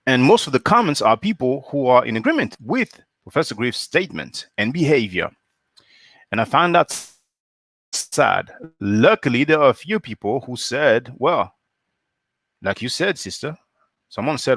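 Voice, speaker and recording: A man hosting a live stream, talking in a measured, hesitant way and often clearing his throat. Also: medium pitch, sing-song, a bit bright, no room sound, studio quality. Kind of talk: casual discussion.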